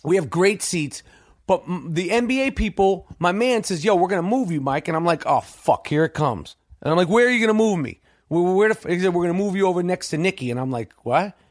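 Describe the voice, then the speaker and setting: A man hosting a podcast, telling a profane story in a loud, animated way and acting out other people's lines. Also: fast talker, dry recording, studio quality. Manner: animated, profane, swings pitch acting out quotes. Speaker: podcast host.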